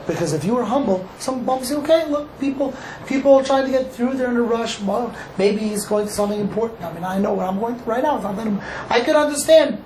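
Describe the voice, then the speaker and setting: A male rabbi from Cleveland, Ohio, giving an animated Torah class and acting out dialogue for a live group. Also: extremely high pitch, quick pace, hardly any pauses. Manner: animated, acts out dialogue, asks the audience questions. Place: echoey room with a small audience. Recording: echoey room with faint noise.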